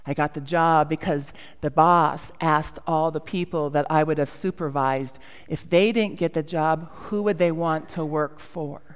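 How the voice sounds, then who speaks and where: A woman's voice: low-pitched, a little slow, hardly any pauses, smooth, in a large hall. A middle-aged woman pastor giving a sermon in a storytelling way, with self-mocking humor.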